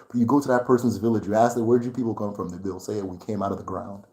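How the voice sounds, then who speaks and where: Speaking quickly in a low, mellow voice with fairly even intonation, a Nigerian English-accented man hosts a relaxed livestream on his channel. He rants to his audience, getting fired up and breaking into laughter often.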